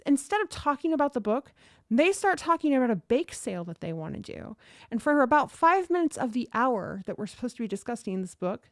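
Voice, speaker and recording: A woman's voice: on the high side, no room sound, studio quality. A woman in her thirties hosting a livestream, chatting and telling a story casually. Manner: chatty, animated, reads chat aloud. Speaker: livestream host.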